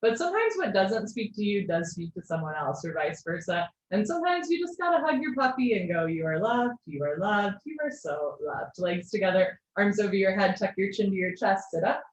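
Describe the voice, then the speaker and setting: A woman teaching a live online yoga class, giving steady posture cues with gentle encouraging asides. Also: mid-range voice, fairly quick, hardly any pauses. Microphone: video call. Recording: echoey lo-fi video call audio.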